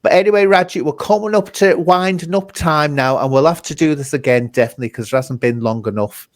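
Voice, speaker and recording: Fairly high-voiced scouse guy hosting a chat, teasing and giggly, just easygoing interview talk. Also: fairly quick. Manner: chatty, teasing, laughs often. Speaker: host.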